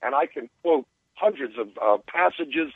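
A man calling into a radio show, making a measured theological argument and reading out quotes. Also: medium pitch, animated, breathy edge, no echo. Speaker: caller. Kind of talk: theological argument over the phone. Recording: tinny phone line.

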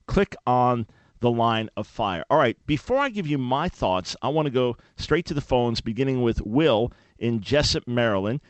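A man's voice: medium pitch, lively intonation, normal speed, no room sound. A man hosting a call-in radio show, speaking in an earnest, emphatic way. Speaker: radio talk show host. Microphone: studio microphone.

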